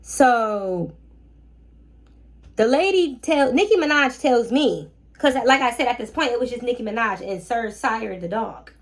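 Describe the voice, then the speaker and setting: A young woman hosting a casual storytime vlog about her rental guests, talking in a sassy, animated way with slangy asides to the viewer. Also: fairly high pitch, unhurried. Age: young adult. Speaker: short-term rental host.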